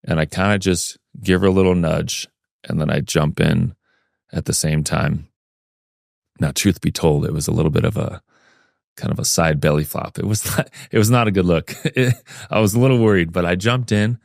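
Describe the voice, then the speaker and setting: A man as a podcast guest, telling a personal story in a lively way and acting out the things people said. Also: low voice, normal speed, gravelly, no echo, studio quality. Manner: lively storyteller who acts out remembered dialogue.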